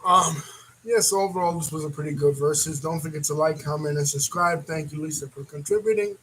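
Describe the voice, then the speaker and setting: A man with a high voice talks straight to his viewers in a loose, rambling reaction commentary. He gets animated and laughs easily. A faint hiss of noise sits under his voice. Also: fairly quick, rough recording. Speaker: reaction video host.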